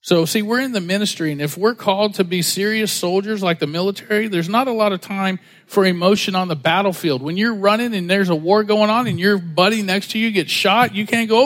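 A man's voice: high-pitched, a little fast, few pauses, a bit bright. A man pastor preaching a sermon in a casual, storytelling way, acting out the voices of people he quotes. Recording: long hall reverb.

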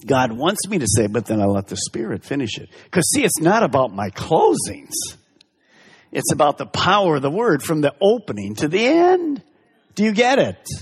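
A man's voice: medium pitch, slightly rough, big-room sound. A male pastor preaching a sermon with emphatic delivery, asking the congregation direct questions.

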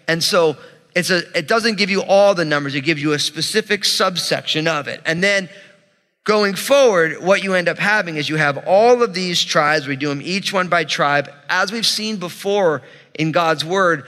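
A male pastor gives a sermon with a bright, forceful tone and a slightly high voice. He teaches conversationally, speaking to his congregation, and a long reverb hangs in the church hall. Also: normal speed.

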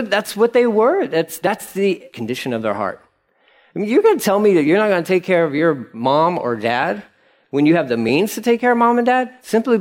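A male pastor delivers a casual, conversational sermon in a slightly high voice. He jumps between voices to act out quotes and keeps checking in with the room. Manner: animated, conversational, acts out quotes.

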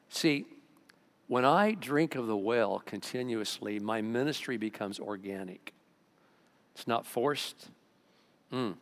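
A pastor preaching a sermon in an animated way, swinging from loud excited bursts to low quiet asides. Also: male voice. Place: church sanctuary. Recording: long reverb of a large church hall.

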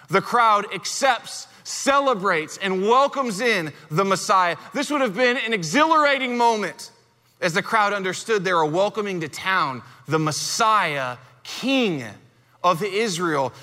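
A man's voice: bright, forceful tone, in a large hall. A man preaching a sermon as pastor, teaching through a scripture passage and rising in force when he quotes it. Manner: expository preaching, rises in pitch and force when quoting scripture.

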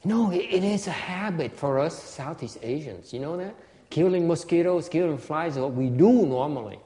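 Vietnamese-accented monk in a reverberant hall. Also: male voice, a little high, normal speed. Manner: animated, laughing, stammers and repeats words. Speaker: Buddhist monk teacher. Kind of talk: casual dharma talk.

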